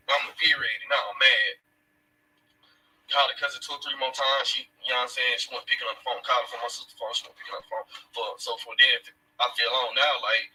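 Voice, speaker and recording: Man, casual profane storyteller, very bright husky tone, distant mic. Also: medium pitch, fairly even intonation, fast. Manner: blunt, profane, emphatic retelling. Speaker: father of a missing woman's child.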